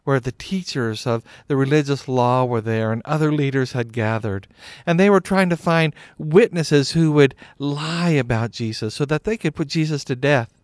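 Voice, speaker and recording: A man's voice: medium pitch, a little mellow, no room sound. Man telling a Bible story plainly. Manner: plain, conversational, starts sentences with "well".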